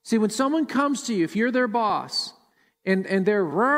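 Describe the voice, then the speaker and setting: A man's voice: high-pitched, expressive, moderate pace, a bit bright, big-room sound. Emphatic preaching pastor, man. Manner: emphatic, repeats words while preaching. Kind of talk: sermon. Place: church sanctuary.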